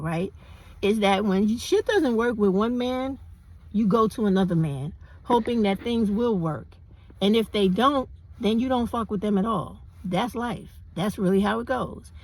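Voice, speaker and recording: A woman's voice: medium pitch, darkish tone, breathy edge, rough recording. Blunt, profane middle-aged woman. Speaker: commentary vlogger. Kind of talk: casual opinion monologue.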